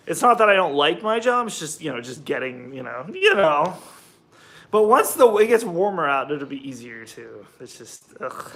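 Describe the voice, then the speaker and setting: A young American man with a fairly high, bright, pushed voice chats on a livestream while cooking. He rambles casually and greets viewers by reading their names from the chat.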